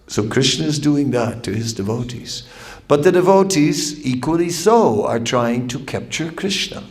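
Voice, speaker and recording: A man giving a devotional lecture as a spiritual teacher, reflective and storytelling, with long pauses. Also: medium pitch, vocal fry. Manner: storytelling with acted quotes.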